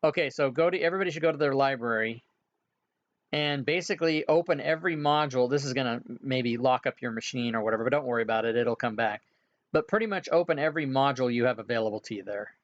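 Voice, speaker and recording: A man's voice: medium pitch, fast talker, dull audio. A man working as game master, casually walking players through setup with frequent filler sounds. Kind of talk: casual instructions during an online game session.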